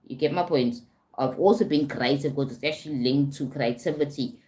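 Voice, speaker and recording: Woman, South African accent, very low pitch, life coach, live-stream talk, frequent "okay?". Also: fairly quick, dark tone. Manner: repeats "right?" and "okay?" often, greets viewers.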